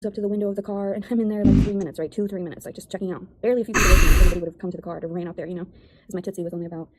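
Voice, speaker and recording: A woman's voice: lowish voice, steady tone, racing, very noisy. A woman talking in a rambling, defensive monologue about her life and critics. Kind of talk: casual video monologue.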